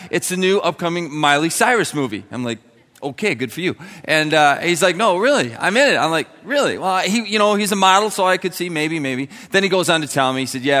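A young adult man, a pastor, preaching a sermon and telling a story with lively acted-out dialogue. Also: medium pitch. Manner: animated, acts out dialogue in his story. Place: church sanctuary. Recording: long hall reverb.

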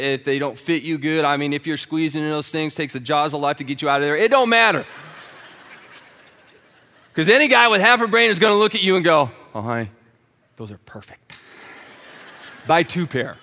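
A man preaching a sermon with humorous stories, talking in an animated way and acting out comic voices. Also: on the high side, in a large hall. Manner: quiet and hushed while praying. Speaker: pastor.

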